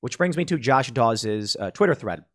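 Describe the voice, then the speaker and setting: A man from Chicago, likely in his thirties, hosts a solo political commentary segment. He talks in a loose, conversational way, often restarting his sentences. His voice sits at an average pitch for a man. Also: animated, normal speed. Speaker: commentary show host.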